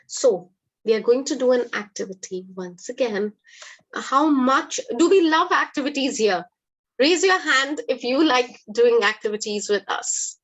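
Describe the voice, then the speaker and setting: Unhurried and lively in intonation, this high-leaning female voice leads a live online English lesson over a rough recording, explaining with patience and encouragement.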